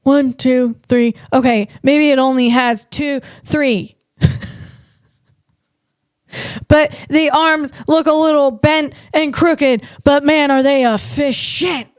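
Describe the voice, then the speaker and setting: A woman comedian hosting a tech podcast, talking in an animated way and tripping over her words. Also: sits high, takes it slowly, dry recording, clean studio sound. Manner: animated, stumbling over words, acts out voices.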